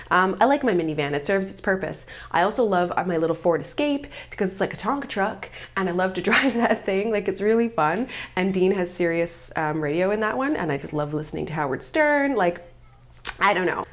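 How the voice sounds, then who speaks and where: A woman in her thirties, a vlogger chatting casually to camera in an upbeat way, laughing often. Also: fairly low pitch.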